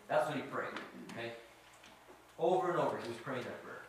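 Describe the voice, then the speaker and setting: A man telling a story as a sermon, animated and quizzing his audience. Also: mid-range voice, a little fast, a little hiss or hum. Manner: animated, asks the audience questions. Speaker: guest speaker. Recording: very echoey hall, mic at a distance.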